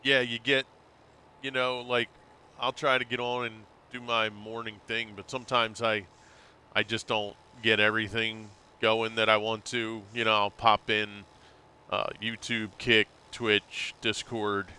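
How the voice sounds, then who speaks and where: Laid-back streamer man, bright voice. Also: on the low side, little pitch movement, unhurried, smooth. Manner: laid-back, rambling, calls viewers bro. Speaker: live streamer. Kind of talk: casual live-stream chat with viewers.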